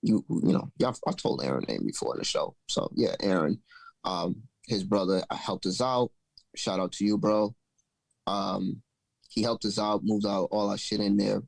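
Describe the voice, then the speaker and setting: A man hosting a podcast, telling a story in a loose, animated, profane way. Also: on the low side, normal speed, creaky, no echo, poor audio. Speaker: podcast host. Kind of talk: casual storytelling chat.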